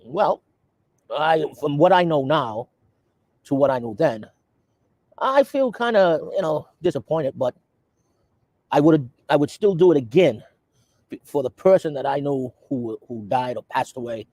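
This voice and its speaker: A man's voice: fairly high pitch, animated, unhurried, long pauses, darkish tone, no echo. A man in an interview, reflecting on past phone calls in a hesitant, thoughtful way. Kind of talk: interview storytelling.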